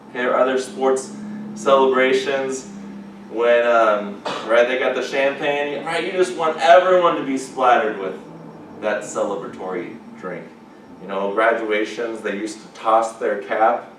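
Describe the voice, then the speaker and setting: A man giving a lively chapel sermon, rising often to excited exclamations, recorded from a distance in a large chapel. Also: medium pitch, unhurried. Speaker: chapel speaker. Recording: echoey hall from far off, background noise.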